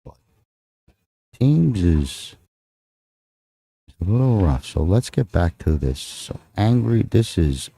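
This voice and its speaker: A man's voice: fairly low pitch, very animated, takes it slowly, vocal fry, long pauses, mellow, breathy edge, no echo. A man with a Texan accent calling a live pool match, rambling and joking with his co-host between shots. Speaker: pool commentator. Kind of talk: live play-by-play commentary.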